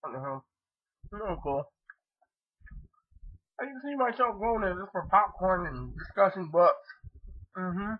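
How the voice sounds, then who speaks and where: Man, casual vlog update, meandering, lots of fillers, slightly high voice, tinny phone-like sound. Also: animated, measured pace, pauses often, breathy edge. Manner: meandering, many fillers and restarts. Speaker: vlogger.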